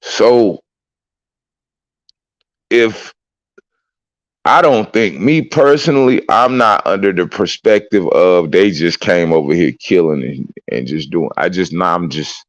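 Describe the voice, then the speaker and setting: Man streaming, low voice, excitable, swears a lot, dry close sound. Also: slow, long pauses, no room sound, highs cut off. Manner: excitable, swearing, loud whoops. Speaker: streamer reacting to clips. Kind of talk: casual reaction chat.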